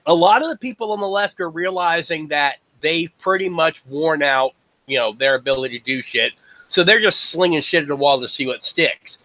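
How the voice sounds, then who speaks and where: Bright-voiced man making sarcastic remarks. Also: fairly high pitch, moderate pace, poor audio. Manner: sarcastic, hesitant with restarts. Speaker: podcast co-host. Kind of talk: casual podcast commentary.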